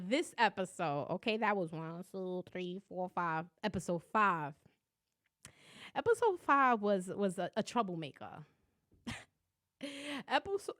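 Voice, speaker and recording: A young woman hosting a podcast, loud and profane, laughing often in casual chat. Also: mid-range voice. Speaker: podcast host.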